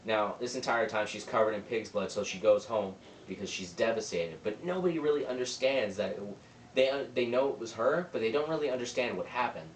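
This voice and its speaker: A young man with a lowish voice walks through a movie's plot in a loose, rambling recap, slipping into the characters' lines as he goes. He sits some way back from the mic in a roomy space, with a faint hum of ambience behind him. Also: lively intonation, a little fast, distant mic. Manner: rambling, retells scenes with quoted lines. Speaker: movie reviewer.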